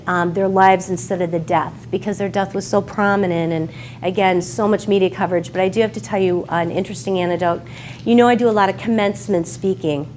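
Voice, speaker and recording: A woman's voice: mid-range voice, darkish tone. Midwest woman giving a heartfelt talk at her book signing, a bit teary, slight hiss behind. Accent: American Midwest. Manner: emotional, heartfelt, near tears at times. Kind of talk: emotional speech at a book signing. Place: bookstore event room with an audience.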